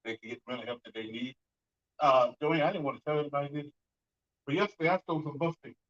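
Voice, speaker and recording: A man giving an emphatic conference talk to an audience, with sudden bursts of loudness. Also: on the high side, quick pace, lo-fi sound. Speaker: conference speaker on fatherhood and reentry. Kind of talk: speech to an audience.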